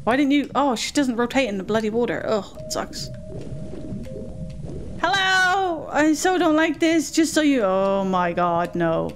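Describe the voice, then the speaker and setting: A woman's voice: fairly high pitch, animated, normal speed, few pauses. A woman giving chatty let's play commentary, easily flustered and talking to herself and the game. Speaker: gaming host. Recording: game music under voice. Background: game music.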